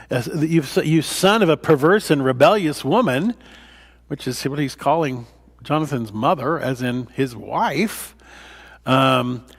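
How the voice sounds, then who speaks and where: In a church, a pastor with a slightly high voice leads a conversational Bible study. He uses fillers and restarts and acts out the dialogue from scripture.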